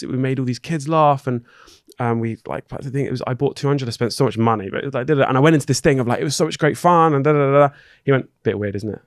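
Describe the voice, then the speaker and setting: A man's voice: mid-range voice, dry recording, studio quality. A man from England, a podcast guest in casual chat who tells stories with energy and acts out what others said. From Dorking, England. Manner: animated, acts out the other person's lines in the retelling.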